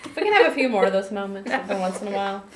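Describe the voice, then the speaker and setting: A woman co-hosting a diet vlog, talking in quick, upbeat casual chat. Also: medium pitch, animated. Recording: echoey room, background noise.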